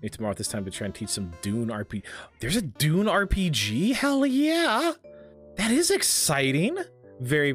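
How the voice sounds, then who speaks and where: A man streaming a game, chatting casually and playfully, often laughing and getting excited. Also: mid-range voice. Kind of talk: casual let's-play commentary. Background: faint game music.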